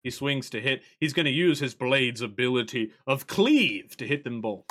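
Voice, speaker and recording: A man running a tabletop game with a lively, animated delivery that swings up and down. His tone is bright and forceful as he calls the rolls and narrates the action. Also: mid-range voice, normal speed. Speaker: game master.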